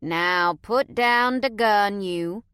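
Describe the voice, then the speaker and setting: A woman's voice: mid-range voice, very slow, a bit bright, clean tone, no echo, clean studio sound. A woman voicing a friendly, grinning Cajun scout man in his thirties, with a Cajun accent and an easygoing, coaxing drawl, in an audiobook. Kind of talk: audiobook character voice.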